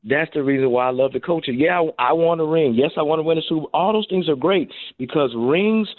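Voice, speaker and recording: Animated man on a tinny phone line. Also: a little high, fast, dry recording. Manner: animated storyteller, acts out his own quotes. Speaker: guest, former NFL receiver and coach. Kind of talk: phone-in radio interview.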